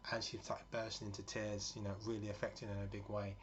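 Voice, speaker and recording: A man's voice: lowish voice, flat delivery, fast, few pauses. A man in his forties giving a rambling, earnest, casual monologue with many fillers. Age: 40s. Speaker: vlogger. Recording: dull lo-fi with faint noise.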